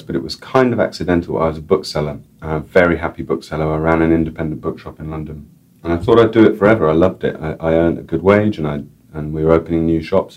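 A man's voice: very deep voice, a little mellow. A man, an author and editor, talking as a guest in a casual interview, rambling enthusiastically with many restarts.

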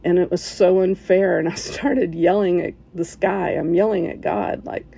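A woman sharing an emotional personal story, halting at times, with fillers, restarts and soft laughs. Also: on the low side, fairly even intonation, vocal fry, husky.

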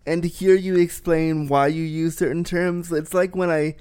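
Canadian man, bright-pitched and clear. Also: steady tone, normal speed. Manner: enthusiastic, repeats words when starting. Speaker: podcast host. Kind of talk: conversational interview.

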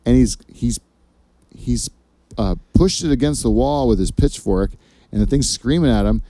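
A male podcast host with a mellow, dark voice tells loose, rambling stories and swears freely. The recording is dry and close. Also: mid-range voice, moderate pace, dry recording. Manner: rambling, profane storyteller. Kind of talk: casual comedy chat.

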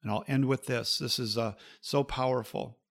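A man with a gravelly, mid-pitched voice speaks as a podcast host, earnest and pastoral. He repeats his key phrases and moves from advice into prayer. The sound is dry and close. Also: steady tone, moderate pace, no room sound.

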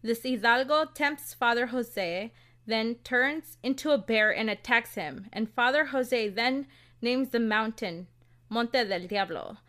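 A woman's voice: on the high side, slow pace, a bit bright. Chatty woman with a Californian accent. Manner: laughs often, swears casually, reads quotes aloud. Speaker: podcast co-host. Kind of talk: casual storytelling chat.

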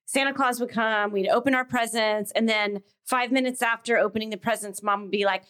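A woman from Texas co-hosting a podcast, telling stories in a relaxed way with joking asides. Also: on the high side, brisk, smooth. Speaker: podcast co-host. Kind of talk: casual chat.

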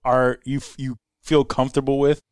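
A man's voice: medium pitch, level tone, brisk, a little mellow, no echo, studio quality. A man co-hosting a podcast, chatting casually, swearing freely and laughing often. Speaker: podcast co-host.

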